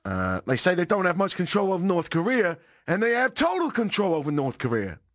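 A man putting on a blustery older American politician, with a husky, put-on American accent. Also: sits high, huge pitch swings, brisk, a bit bright, dry recording, studio quality, pitched above the performer's own voice, exaggerated voice. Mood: blustering. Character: blustery older male politician, bragging and brash.

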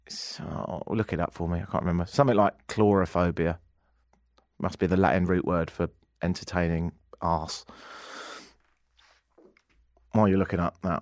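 A man hosting a radio talk show, telling a story in a casual, animated way and acting out the people in it. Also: sits low, moderate pace, no room sound, studio quality. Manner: animated storyteller, acts out quoted voices. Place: radio studio.

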